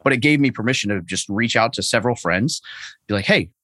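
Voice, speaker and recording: A man's voice: medium pitch, animated, fast talker, sharp tone, dry recording. A man on a remote call as a podcast guest, talking casually and self-deprecatingly, with lots of fillers and restarts. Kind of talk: casual conversation.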